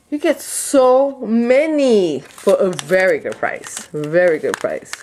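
A woman vlogging an unboxing of a craft kit, gushing with excitement and jumping up into high squeals. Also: takes it slowly, few pauses, a little hiss or hum. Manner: gushing, breathless exclamations, leaps to high squeals.

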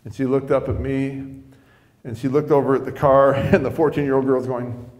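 A man's voice: medium pitch, fairly even intonation, moderate pace, a little mellow, big-room sound. Man, preacher, sermon storytelling, casual restarts. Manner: conversational, with many restarts.

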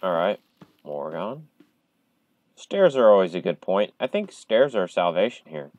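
A man on a headset at home, playing a horror game in casual commentary, jumpy and chatty with viewers, breaking into loud startled outbursts. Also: sits low, sing-song, a little slow, no echo, poor audio. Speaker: gamer streaming a horror game.

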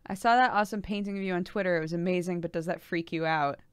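Young woman streamer, candid and chatty, reads chat aloud and laughs easily; slightly low, resonant voice. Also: fast, smooth, no room sound, studio quality. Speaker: game streamer. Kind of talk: casual chat with stream viewers.

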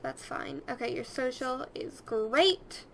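Young woman, high voice, chatty, rambling, talks to her game characters, faint background noise. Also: animated, slow, gravelly. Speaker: let's play host. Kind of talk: casual gameplay commentary.

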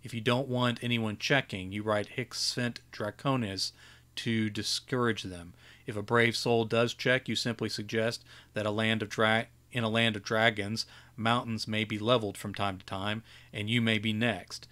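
A man's voice: on the low side, fairly even intonation, bright, forceful tone. A man reading his own fantasy story aloud during a live editing session, often stopping to restart and correct a phrase. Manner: reads slowly with frequent restarts and self-corrections.

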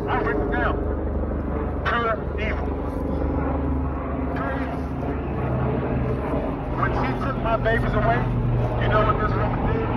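A man's voice: high voice, muffled recording. A father speaking outdoors, emphatic and repetitive, with many rhetorical questions. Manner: emphatic, repeating short phrases, asking rhetorical questions. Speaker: father protesting a custody case. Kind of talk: impassioned outdoor speech to camera. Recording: distant mic with loud wind noise.

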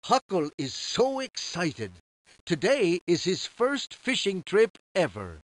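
A man narrating a children's storybook game in a slow, cheerful, clear way. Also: sits high, huge pitch swings, no echo.

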